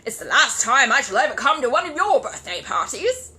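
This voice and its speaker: A man's voice: very high-pitched, very animated, fairly quick, voice pushed up, heavily acted. Woman putting on a furious blustering old man. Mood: indignant. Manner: loud, spluttering, enraged.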